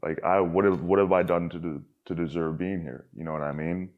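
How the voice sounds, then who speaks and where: A young man with a low voice, talking loosely and candidly as a podcast guest. He rambles, leans on filler words and swears casually. The sound is a bit dull and lo-fi. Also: steady tone, fairly quick.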